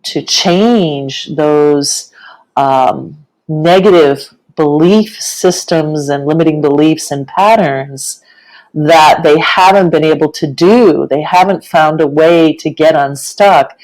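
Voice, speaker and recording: A woman co-hosting a casual live-streamed chat, speaking in a relaxed way with many fillers and welcoming viewers. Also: sits low, slow, rough recording. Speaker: co-host, ceremony facilitator.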